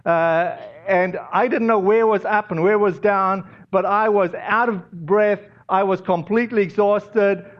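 A man's voice: high-pitched, fairly even intonation, measured pace, few pauses, dull audio. A man, a pastor, giving a conversational sermon, telling personal stories with frequent fillers. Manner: conversational, storytelling with many fillers.

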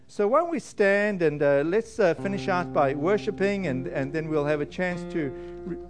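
A man preaching as a pastor in church, gentle and halting, with frequent restarts and fillers. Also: high-pitched, expressive, over music. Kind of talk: sermon.

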